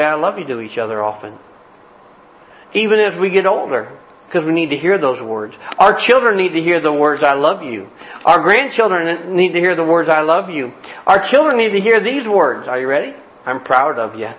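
A man with a high voice preaches a homespun sermon and mixes jokes with scripture. His phrases come back again and again. The recording sounds dull and lo-fi. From Cleveland, Ohio. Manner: folksy, joking preacher with repeated phrases. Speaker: pastor.

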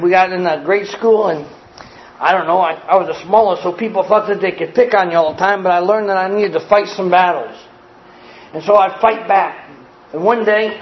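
High-voiced, folksy storytelling preacher. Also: male voice, highs cut off, a little hiss or hum. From grew up poor in a small family. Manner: animated, folksy storyteller who acts out scenes. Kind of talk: storytelling sermon.

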